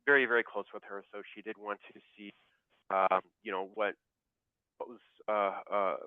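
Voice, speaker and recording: Over a tinny, phone-like line, a pharmacist guest on a casual interview tells his story haltingly, full of fillers and restarts, laughing at the funny parts. His voice is fairly low, smooth and fairly even in intonation, and the sound is dry and close with no echo or room around it.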